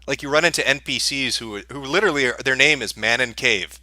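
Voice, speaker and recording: A man's voice: mid-range voice, fairly quick, bright, forceful tone, no room sound, clean studio sound. Sarcastic, profane man ranting dryly. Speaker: streamer answering viewer questions. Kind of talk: casual livestream Q&A rant.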